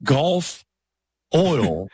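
A man's voice: a little high, very animated, extremely slow, dark tone, husky, no room sound. A man co-hosting a casual podcast, joking and teasing the guest.

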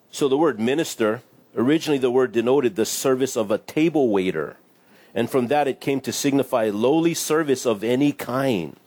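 Casual pastor, mid-pitched man. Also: a little mellow. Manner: conversational, acts out little voices with laughs. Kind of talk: casual sermon with scripture reading.

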